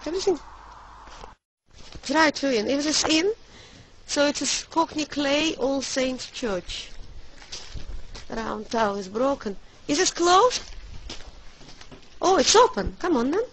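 A woman's voice: high-pitched, lively intonation, slow pace, pauses often, fairly bright tone, slight background noise, low-quality recording. A woman filming a family outing on a handheld camera, talking in simple non-native English and coaxing her child along, outdoors by an old church and then inside it. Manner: coaxing and affectionate, keeps calling her child darling. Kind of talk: casual handheld vlog narration.

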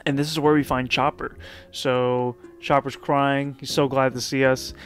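A man's voice: medium pitch, flat delivery, a bit bright, faint music behind. A man casually recapping and commenting on a manga chapter in a loose, chatty way, with plenty of fillers. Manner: loose, chatty retelling with frequent fillers and quick laughs.

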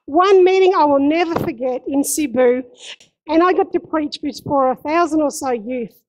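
A woman's voice: high-pitched, normal speed, a little mellow, rough recording. A woman pastor preaching a sermon in a church, impassioned and emphatic, repeating key phrases. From Australia.

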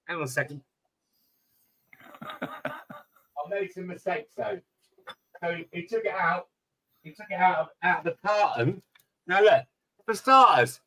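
A man with a bright, forceful voice, pitched a little high, swearing his way through casual live-stream chat. He tells his anecdotes with animated energy.

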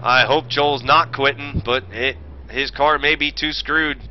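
A man's voice: medium pitch, fairly even intonation, unhurried. A man giving brash, profane, off-the-cuff commentary on a sim race he hosts. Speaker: sim racing commentator and streamer. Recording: muffled stream audio with loud engine noise. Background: racing game engine noise.

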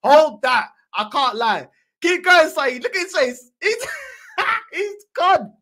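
A woman's voice: high-pitched, sing-song, slow pace, a bit bright. A woman hosting a football reaction channel, giving casual commentary with teasing, slangy banter and frequent laughs.

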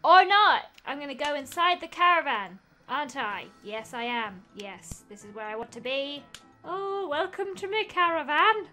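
Excitable high-pitched woman gamer. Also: moderate pace, faint music behind. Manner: giggly, exclaiming, talks to the game. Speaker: gaming YouTuber. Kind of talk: casual let's-play commentary.

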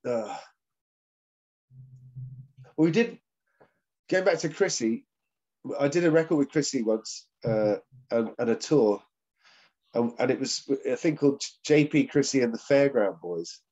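Over a video call, a session drummer appearing as a guest tells rambling anecdotes packed with fillers and laughter in a casual interview. His mid-range voice is expressive and a little mellow, unhurried with long pauses, and the sound is dull and lo-fi.

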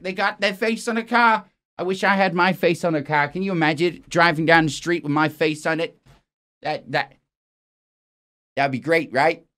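A man's voice: high-pitched, fairly bright tone. Male comic anchor, foul-mouthed, flustered, keeps cutting himself off. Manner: profane, exasperated, rambling and self-interrupting. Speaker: comedy news anchor. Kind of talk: improvised comic news parody.

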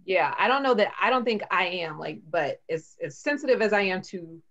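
A woman's voice: on the low side, animated, normal speed, a bit bright. A woman hosting a podcast, chatting casually and hesitantly with many fillers. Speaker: podcast host. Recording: dull lo-fi sound.

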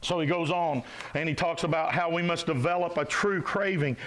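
A man preaching a sermon as pastor, exhorting his congregation, rising to shouts and dropping low. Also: moderate pace, a little hiss or hum, poor audio. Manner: animated, exhorting, rises to shouts and drops to low tones. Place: church sanctuary.

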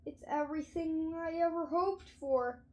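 A woman voicing a scheming, mischievous schoolboy prankster in an audiobook, with an eager, excited delivery. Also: fairly high pitch, takes it slowly.

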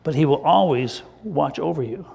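A man playing a gentle unicorn spirit. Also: fairly high pitch, animated, moderate pace, gravelly, breathy edge, big-room sound, exaggerated voice. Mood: reassuring.

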